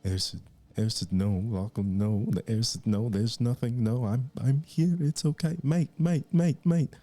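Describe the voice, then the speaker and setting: A man's voice: lowish voice, very animated, normal speed, dark tone, slightly rough, voice pushed up. A man voicing a terrified, sobbing male fool who pleads and repeats himself in panic during a tabletop game. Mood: panicked pleading.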